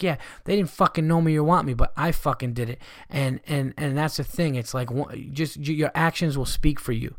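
Profane New comic talking on a dry mic. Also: male voice, medium pitch, no room sound. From New York. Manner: profane, blunt storyteller who rants and riffs. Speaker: stand-up comedian and podcast host. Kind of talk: casual solo podcast monologue.

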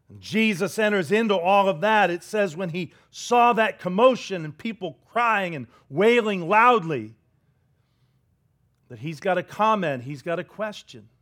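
High-voiced pastor preaching a dramatic sermon. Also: male voice. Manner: dramatic storytelling, drops to a hush for quoted words; leads the congregation in call-and-response.

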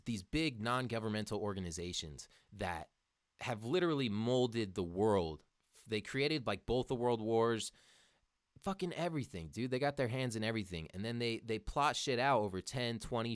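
A young man hosts a casual, profane show, reading articles aloud and ranting with plenty of swearing and frequent "dude"s aimed at listeners. His voice is mid-range and smooth, recorded dry with studio quality.

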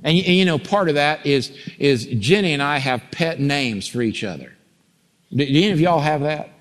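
A preacher with a slightly high voice, swinging from soaring, near-shouted peaks back down to hushed, low passages. His sermon rings out through a large church sanctuary with a long hall reverb. The delivery stays fervent and conversational by turns. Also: lively intonation, normal speed. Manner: preaching that builds to loud, rising climaxes then drops low. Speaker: pastor.

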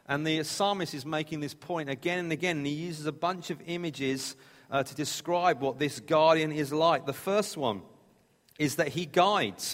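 A man preaching in a relaxed, conversational manner, now and then stumbling and restarting a phrase. His voice sits a little higher than most men's, and the long reverb of a big hall trails after each line. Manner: conversational, plain-spoken, with restarts. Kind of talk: sermon.

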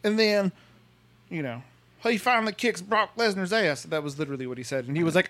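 A man's voice: high-pitched, brisk, a bit bright, no room sound. A man co-hosting a podcast, chatting casually with joking, sarcastic asides. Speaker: podcast co-host. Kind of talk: casual chat.

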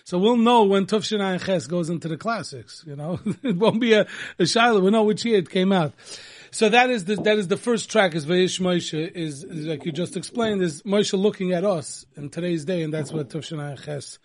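Give me a male radio host with a slightly high voice, talking casually with a guest. He rambles, stumbles over his sentences and restarts them, and keeps the tone relaxed and friendly. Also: normal speed, few pauses. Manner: chatty, many restarts, laughs easily. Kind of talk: casual radio interview chat.

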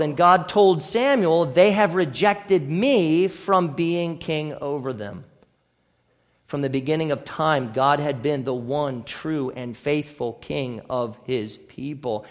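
A man's voice: fairly high pitch, big-room sound. A man preaching a sermon as pastor, earnest and building to emphatic declarations. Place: church sanctuary.

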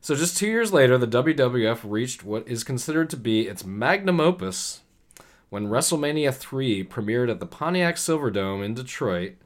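A man's voice: medium pitch, big pitch swings, moderate pace. A man co-hosting a casual chat, reading history notes aloud and riffing on them with occasional swearing. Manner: casual, swears, reads passages then riffs. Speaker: podcast co-host.

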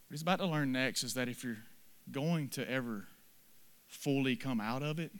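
A man pastor delivering a sermon in earnest, with repeated short phrases, swinging from soft, low passages to loud ones.

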